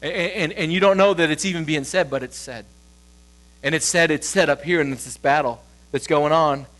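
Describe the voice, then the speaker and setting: A male pastor giving a sermon in a conversational, storytelling way, with quick shifts as he acts out the voices of others. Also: fairly bright tone. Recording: low mains hum.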